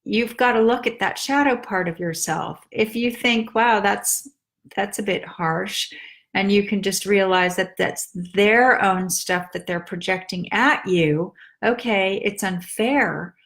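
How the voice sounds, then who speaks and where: A woman life coach giving casual advice in a calm, direct way, stretching words for emphasis. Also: mid-range voice, measured pace, hardly any pauses.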